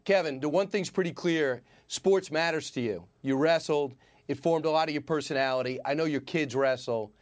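A man's voice: on the high side, normal speed, few pauses. A man hosting an interview, asking pointed, joking questions. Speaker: interview host. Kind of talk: casual interview.

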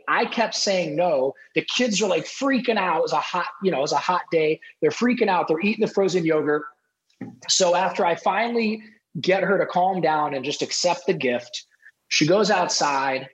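A middle-aged man, a podcast guest, telling a personal story in an animated way and acting out the dialogue. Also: sits high, poor audio. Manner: animated, acts out quoted dialogue.

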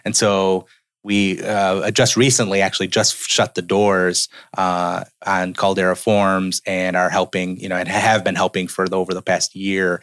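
A man who runs a business, a guest on a podcast, speaking in an earnest, measured way that trails off quietly. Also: deep voice, dry recording, studio quality. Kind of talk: casual interview chat.

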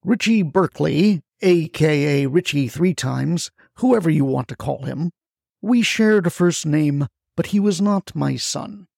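A man doing a desperate older mentor, raised and slow. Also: on the high side, expressive, vocal fry, a little mellow, no echo, clean studio sound, exaggerated voice. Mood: grim, weary. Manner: profane, agitated pleading.

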